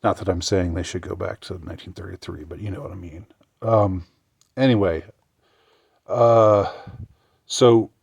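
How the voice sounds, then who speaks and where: Male vlogger, lowish voice, dry close sound, sarcastic and halting. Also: fairly even intonation, vocal fry, a little mellow, slightly rough, no room sound. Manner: sarcastic, halting, many restarts. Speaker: commentary vlogger. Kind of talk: political commentary vlog.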